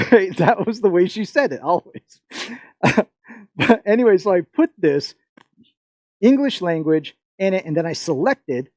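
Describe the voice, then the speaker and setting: A middle-aged man from the Philippines leads a live workshop in a rambling, chatty way, full of fillers and quick laughs. His voice sits a little high but sounds mellow. The room is dry, with little echo. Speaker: workshop presenter.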